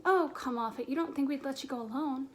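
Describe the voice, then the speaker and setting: A blunt schoolboy wizard , voiced by a woman reading aloud, talks in a teasing, offhand way. The voice sits high. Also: fast talker, very noisy, close to an everyday voice.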